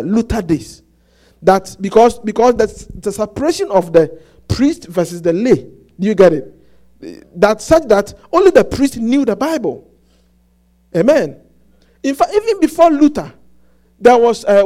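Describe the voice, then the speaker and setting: Preaching to his flock, this high-voiced pastor speaks in stop-start bursts, frequently beginning again. He repeats himself with animated insistence, checking over and over, "Do you get it?"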